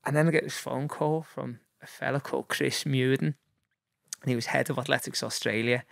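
A man's voice: mid-range voice, fairly even intonation, brisk, vocal fry, dry recording, studio quality. A man in his forties with a Liverpool accent, telling rambling anecdotes as a guest, full of fillers and chuckles. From Liverpool, England. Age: 40s. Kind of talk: casual storytelling.

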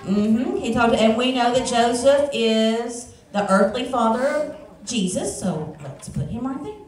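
A woman's voice: a little high, lively intonation, measured pace, a little mellow. A woman leading a children's message in church, coaxing the kids to open presents and joining them in a short prayer. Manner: friendly, coaxing, talking to children. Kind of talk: children's sermon with props. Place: church sanctuary. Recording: echoey church sanctuary from far off.

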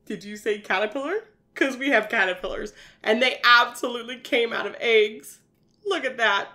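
A woman's voice: fairly high pitch, moderate pace, sharp tone. A woman teaching a virtual preschool science lesson, asking young children lots of questions and praising their answers in a sing-song teacher manner.

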